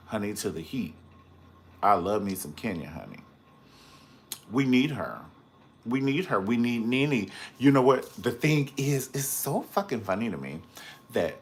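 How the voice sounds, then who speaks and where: A man hosting a casual live-stream review, dishing gossip with sass and drama. His pitch swoops up and down as he talks, and he keeps breaking off to greet viewers in the chat. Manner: sassy, dramatic and gossipy, full of slang asides; chats with viewers in the live comments.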